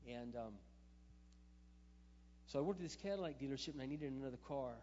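A male pastor tells a story from the pulpit in a mid-range voice, animated, swinging from loud emphatic bursts to quiet asides. The recording is dull, with a long hall reverb and a faint hum underneath. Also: mid-range voice, brisk. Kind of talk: sermon storytelling.

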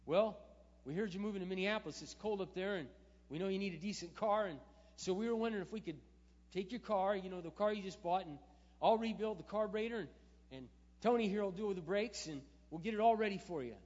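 An eager, burly male mechanic, as a preacher acts him out, speaks up in a raised, higher voice, earnest and keen to help. The sound is dull and carries a long hall reverb with a faint hum behind. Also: fast talker, a little mellow. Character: big friendly male auto mechanic, eager.

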